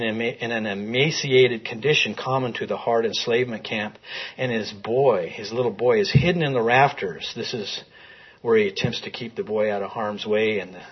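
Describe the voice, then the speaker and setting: A male teacher leads a Bible class in a classroom, chatting through the text and asking the group questions. His voice is mid-pitched and a bit husky, and the recording sounds dull and lo-fi. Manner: conversational, asks the class questions. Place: classroom with a screen.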